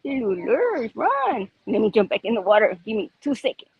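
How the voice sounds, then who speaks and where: A woman's voice: medium pitch, lively intonation, normal speed, highs cut off, a loud crowd. A woman chatting casually on a phone live stream while walking outdoors by a pond, exclaiming and laughing often. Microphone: phone held while walking.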